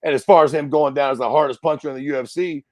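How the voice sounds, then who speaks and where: A man's voice: a little high, fairly even intonation, very fast, no echo. A man co-hosting a fight podcast in casual chat, blunt and drawling with heavy cursing. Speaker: MMA podcast co-host.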